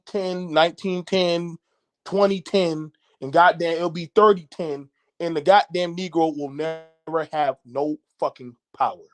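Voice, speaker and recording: A man hosting a podcast, ranting loudly in a profane, mocking monologue with an American accent. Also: fairly high pitch. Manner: loud, animated, cursing, mocking. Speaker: podcast host.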